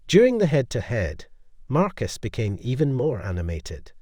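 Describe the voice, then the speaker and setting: A man telling a scripted story as narrator in a lively storytelling way. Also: mid-range voice, normal speed, no echo, studio quality.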